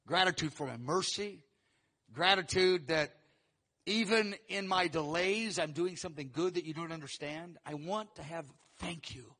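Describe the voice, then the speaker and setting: A man preaching a sermon, teaching verse by verse and acting out quoted lines with animated, rising emphasis. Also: a little high, normal speed. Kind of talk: sermon teaching through scripture.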